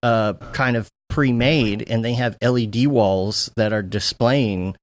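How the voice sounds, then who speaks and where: A man hosting a podcast chats casually in a mid-range voice at a slightly slow pace. He rambles, using fillers and restarting his sentences.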